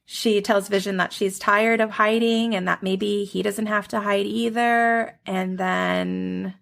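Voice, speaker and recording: A woman hosting a podcast, quickly retelling a TV episode in casual chat and laughing often. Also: medium pitch, steady tone, vocal fry, a bit bright. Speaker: podcast host.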